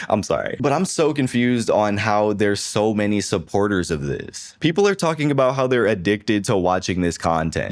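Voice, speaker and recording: A young man with a fairly low voice delivers mocking reaction commentary. He is sarcastic, laughs at his own jokes and swears freely. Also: dry recording, clean studio sound. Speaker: commentary video host.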